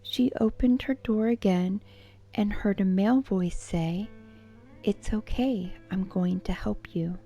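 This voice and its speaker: Lady whispering true crime asmr, slow and soft, mellow tone. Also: mid-range voice, highs cut off, soft background music. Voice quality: unvoiced whisper. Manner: soft-spoken, measured storytelling.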